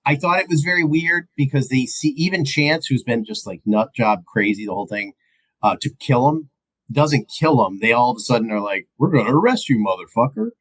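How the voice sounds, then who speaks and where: A man's voice: medium pitch, lively intonation, moderate pace, fairly bright tone, rough recording. A man co-hosting a podcast, casually retelling movie scenes and laughing often. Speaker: podcast co-host. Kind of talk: casual movie recap chat.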